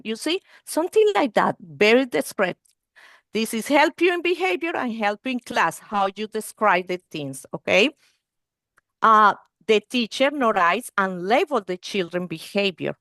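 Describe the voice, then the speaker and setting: A woman's voice: fairly high pitch, very animated, a little slow, a bit bright, no echo, clean studio sound. Woman giving a teacher-training webinar. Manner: broken, non-native English grammar; checks in with "okay?" and "you see". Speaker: early learning trainer presenting to teachers. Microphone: video call.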